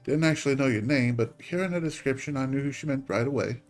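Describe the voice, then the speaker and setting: A man voicing a hearty old guild official in a fantasy game, fatherly and jovial, with a folksy, gently chiding manner. His voice sits at a middling pitch, and faint music plays behind him. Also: fast talker, lightly acted.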